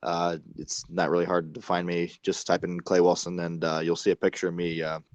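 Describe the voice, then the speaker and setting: Low-voiced canadian man, lots of uh's, dry close mic. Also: level tone, darkish tone, no room sound. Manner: halting, many uh fillers and restarts. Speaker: guest wrestler. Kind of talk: casual interview chat.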